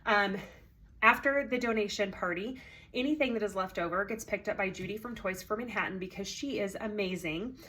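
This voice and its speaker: A woman's voice: medium pitch, brisk, sharp tone. A woman organizing a consignment sale, talking casually to sellers, with many ums, a little congested and out of breath. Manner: chatty, friendly, many ums.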